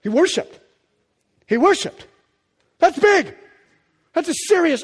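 A middle-aged man preaching a sermon as pastor, animated and acting out quotes of Bible figures in a casual way. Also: very high-pitched, measured pace, pauses often, big-room sound.

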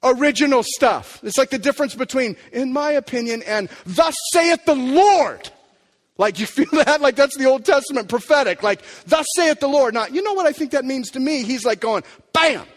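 A man preaching a sermon as pastor, emphatic and animated, sometimes dropping to a quiet, low delivery. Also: a little fast, few pauses. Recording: long hall reverb.

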